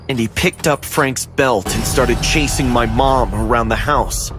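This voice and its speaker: A man's voice: medium pitch, measured pace, hardly any pauses, music in the background. Male horror story narrator. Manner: steady, dramatic storytelling.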